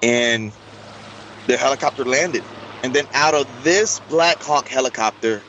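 As an interview guest, a man recounts a lengthy personal story to the host in an easygoing, unhurried way, performing the dialogue with animation. His mid-range voice comes through a low-quality recording with slight background noise.

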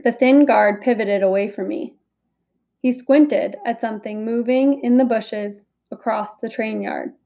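A woman narrates a first-person children's story at an unhurried pace. Her voice sits fairly high, and her reading is slow and careful. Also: creaky, dark tone, highs cut off. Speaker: audiobook reader.

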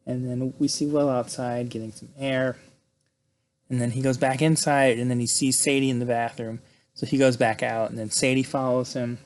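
A man's voice: medium pitch, a little mellow, slight background noise. A man casually retelling a film's plot, loose and chatty, often tagging his sentences with "right?" and swearing freely. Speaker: podcast host recapping a film.

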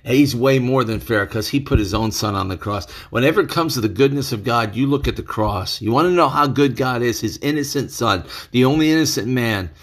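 A man's voice: medium pitch, a little fast, few pauses, fairly bright tone. A male preacher teaching through a scripture passage in an earnest, emphatic way, repeating key phrases. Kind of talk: bible teaching sermon.

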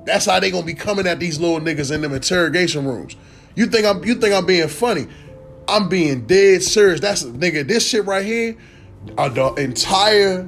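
A young man rants casually to his viewers, profane and rambling, swinging between mutters and loud bursts. His voice sits a little high for a man. Faint music plays behind him. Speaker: vlogger. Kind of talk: casual rant to camera.

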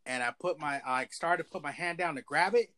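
A man telling a story from his past in casual, profane slang, animated and a little pitched up. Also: fairly quick.

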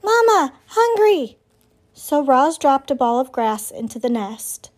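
A woman reading a children's novel aloud as narrator, in clear, steady storytelling. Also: fairly high pitch, a little slow.

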